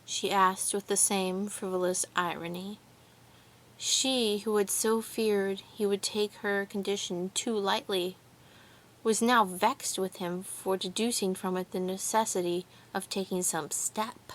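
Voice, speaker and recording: Woman reading an audiobook, slow and careful, mid-pitched. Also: steady tone. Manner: measured, deliberate reading. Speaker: audiobook narrator. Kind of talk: scripted narration.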